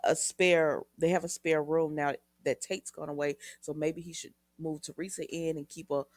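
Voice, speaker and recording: A woman's voice: low-pitched, steady tone, normal speed, no room sound. A woman recapping a soap opera episode in a chatty way, retelling scenes with quoted lines and asides to her viewers.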